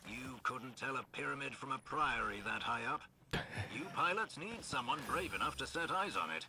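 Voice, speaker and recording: A man's voice: medium pitch, expressive, normal speed, vocal fry, pushed and bright, slight background noise, exaggerated voice. An actor playing a brash male infantry soldier bantering with a pilot, in video game dialogue. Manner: bantering, dry.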